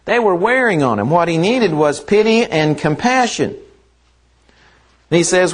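Slow, earnest male preacher. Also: sits high, lively intonation. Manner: slow, earnest, repeats phrases for emphasis. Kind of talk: sermon.

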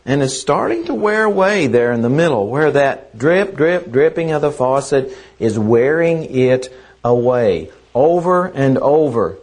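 A man preaching a sermon in a slow, earnest way, repeating phrases for emphasis. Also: fairly high pitch.

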